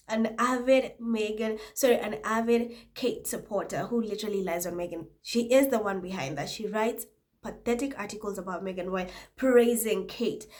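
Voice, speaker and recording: A young adult woman hosting a casual vlog, reading viewer comments aloud with frequent laughter and mocking asides, and she has a cold. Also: medium pitch.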